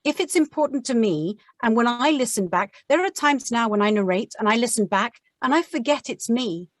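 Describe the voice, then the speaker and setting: A woman's voice: on the high side, expressive, fairly quick, no room sound, clean studio sound. A British woman, an audiobook narrator, chatting on a podcast in a reflective, encouraging way. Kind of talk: casual chat.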